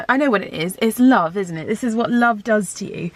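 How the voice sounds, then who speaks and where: A woman's voice: mid-range voice, brisk, few pauses. A woman chatting casually to camera in a vlog, rambling and heartfelt. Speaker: lifestyle vlogger.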